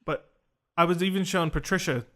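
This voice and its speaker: A man's voice: sits high, a little fast. A man telling a personal story in casual conversation, acting out the dialogue he quotes. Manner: animated, acts out quoted dialogue. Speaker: podcast host recounting an experience.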